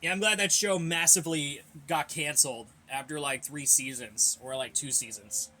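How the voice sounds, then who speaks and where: A man's voice: on the high side, moderate pace, bright, forceful tone, a little hiss or hum. A young man hosting a casual Q&A, reading viewer questions and giving blunt, rambling opinions while a little out of breath. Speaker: host of a fan Q&A channel.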